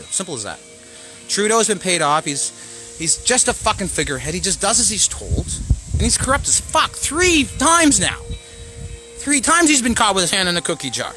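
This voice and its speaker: A man, hosting his own show and ranting angrily to camera, profane, swinging between shouting and muttering. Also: sits high. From Canada. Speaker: show host. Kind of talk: angry political rant to camera.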